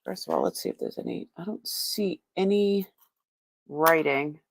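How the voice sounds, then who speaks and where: A woman's voice: low-pitched, big pitch swings, moderate pace, no echo. A woman hosting a live-stream sale, chatting as she unboxes and tests items, exclaiming often and laughing as she goes.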